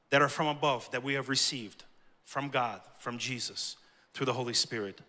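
A man's voice: mid-range voice, pushed and bright, long reverb tail. A man preaching a sermon to his church, telling personal stories and speaking directly to the congregation. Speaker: pastor. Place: church sanctuary.

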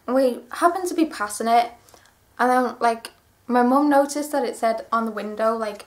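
A young woman with a fairly high voice talks through her shopping haul. She gushes over each find and rambles on in a chatty, excitable way. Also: normal speed. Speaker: vlogger. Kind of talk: clothing haul vlog.

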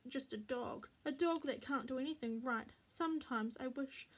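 A woman voicing a sulky young male dog who feels useless, muttering slowly in self-pity. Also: high-pitched.

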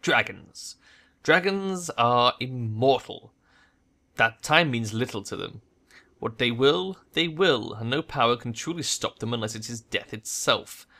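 A weary, aging male scientist from a game, speaking with grave, measured conviction, as a man reads his lines. His voice is bright and clear, at a middling pitch. He sounds tired but unshakable. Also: natural voice.

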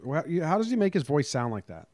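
A man co-hosting a movie review podcast, giving measured, opinionated takes and laying out his points in order. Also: on the high side, big pitch swings, darkish tone, no echo. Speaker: podcast co-host. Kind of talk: casual movie review chat.

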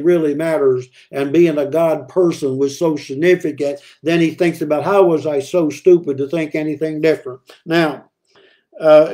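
A man's voice: fairly high pitch, dark tone. A man teaching a midweek Bible study, reading old-fashioned scripture verses aloud and then explaining them in a conversational way with fillers and repeated words.

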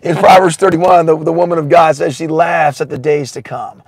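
A man preaching a sermon in a casual, excitable way, often laughing, swinging between shouts and hushed asides and saying "man" a lot. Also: on the high side, moderate pace, gravelly, breathy edge, dry recording, studio quality.

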